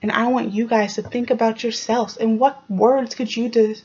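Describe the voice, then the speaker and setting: A woman teacher giving a clear early-grade phonics lesson, sounding out letters and asking the children encouraging questions. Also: on the high side, steady tone, moderate pace, a little mellow, lo-fi sound. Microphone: home recording for online class.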